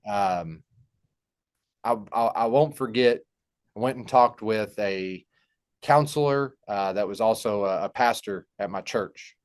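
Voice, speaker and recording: Halting, heartfelt young man. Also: fairly low pitch, clear, resonant tone. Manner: halting and heartfelt, many fillers and restarts. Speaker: podcast guest. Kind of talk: personal story in casual conversation.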